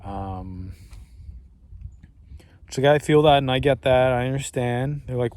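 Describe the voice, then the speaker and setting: A vlogger talks to camera among trees outdoors, his mid-range, darkish voice measured and broken by long pauses, with no room sound. His reflective monologue rambles, swears, and often restarts, with a breeze and distant ambience behind him.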